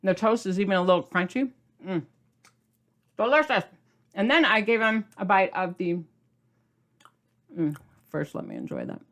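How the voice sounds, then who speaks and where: A woman's voice: mid-range voice, very animated, moderate pace, pauses often. Bubbly middle-aged woman cooking host. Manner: bubbly, gushing, chatty; talks while eating. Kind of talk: casual cooking demo chat.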